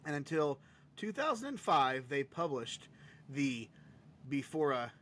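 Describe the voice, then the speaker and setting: A man's voice: on the high side, very animated, a little slow, fairly bright tone, a little hiss or hum. A man co-hosting a casual podcast, joking crudely and laughing often between bits of reading. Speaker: podcast co-host. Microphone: home podcast mic.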